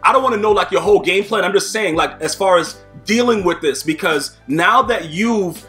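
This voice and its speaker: A man asks questions in a high voice, stopping and restarting often as he hosts a casual interview. Faint music sits underneath his voice. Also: pushed and bright. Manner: halting questions with many restarts. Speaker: host.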